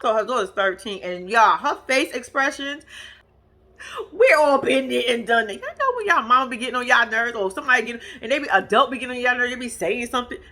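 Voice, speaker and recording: A woman with a raised, bright voice that swings widely in pitch as she chats to her viewers. She recaps a reality show casually, cursing freely, calling everyone y'all and breaking into laughter. Her talk is loose and unscripted. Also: animated, fast. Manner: chatty, profane, addresses viewers as y'all, laughs often. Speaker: TV reaction vlogger.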